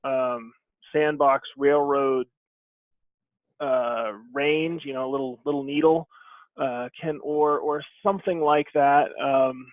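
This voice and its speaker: A man thinks out loud about tabletop adventures over a narrow, phone-like line, pausing often and circling back. His voice sits at an ordinary pitch, and the sound is dry, with no room around it. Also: steady tone, no echo. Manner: thoughtful, rambling with many pauses. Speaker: game publisher guest. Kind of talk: casual video-call conversation. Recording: phone-like thin audio.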